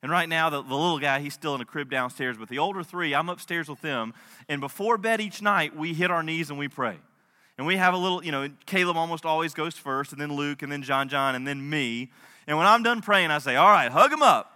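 Man preaching a sermon, high bright voice, impassioned then soft, long hall reverb. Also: a little fast. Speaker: pastor.

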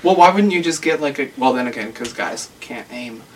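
A man's voice: mid-range voice, expressive, a little fast. A young man chatting casually with a friend, laughing often and acting out quoted voices. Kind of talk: casual chat. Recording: distant mic with faint noise.

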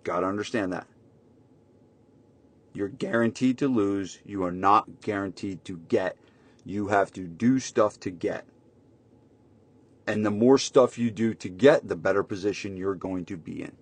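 Emphatic low-voiced man hosting a podcast. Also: unhurried, pauses often, breathy edge. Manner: emphatic, repeats points, frequent tag questions. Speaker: podcast host and gym marketing coach. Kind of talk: casual solo podcast recap.

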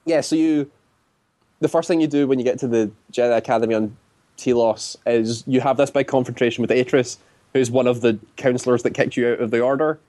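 A man chatting casually, retelling a story at length and often slipping into quick acted-out quotes. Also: mid-range voice, steady tone, warm tone, dry recording. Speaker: guest describing a video game. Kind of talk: casual chat.

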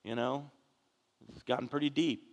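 A male pastor preaches in a church sanctuary, his medium-pitched voice steady and at normal speed, trailing off into a long reverb over a faint hiss or hum. His sermon is earnest and conversational, told like a story, full of restarts, asides to the congregation, and frequent "you know".

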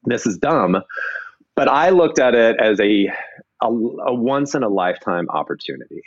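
A man's voice: mid-range voice, animated, normal speed, dry recording, highs cut off. A man being interviewed about his business, telling his story casually with many restarts and acted-out quotes. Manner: rambling, restarts, acts out quoted people. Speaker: entrepreneur guest.

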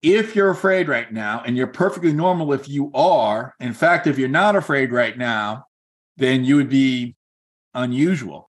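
In an unhurried, ordinary mid-pitched voice, an earnest man speaks as a real estate coach, folding a personal anecdote into motivational advice. He stays casual and conversational, leaning on fillers like "like" and "you know," and keeps warmly urging his audience on.

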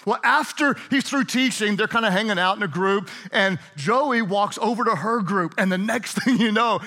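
A man's voice: high voice, normal speed, pushed and bright. A middle-aged man preaching a sermon, retelling a story in a playful, chatty way and laughing often. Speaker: pastor.

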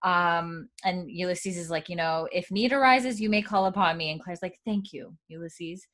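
Woman, casual podcast host, slightly low voice, retells scenes with quoted lines, lots of fillers, laughs often. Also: moderate pace, fairly bright tone. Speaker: podcast host recapping a TV episode. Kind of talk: casual chat.

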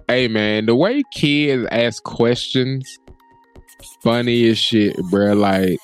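Casual podcast co-host, young adult man, lively swearing storyteller, faint music bed. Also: mid-range voice, drawn-out words. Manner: animated storyteller, laughs often, swears freely. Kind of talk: casual chat.

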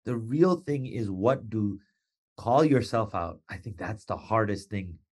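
A man hosting a motivational podcast, animated and playful, acting out quoted voices with sudden jumps in pitch. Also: measured pace, slightly rough. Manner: animated, playful, with wrestling and pop-culture asides. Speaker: podcast host.

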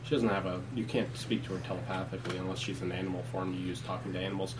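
A man's voice: sits low, little pitch movement, racing. A young man running a tabletop game as game master, narrating in an easygoing way. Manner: easygoing, laughs often. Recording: distant mic with faint noise.

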